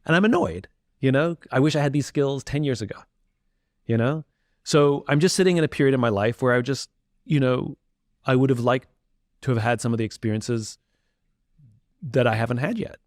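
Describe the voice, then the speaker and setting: A man's voice: medium pitch, normal speed, pauses often, no echo. Candid reflective man, dry studio sound. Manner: reflective, candid, frequent restarts and fillers. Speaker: interview guest. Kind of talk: candid conversational interview.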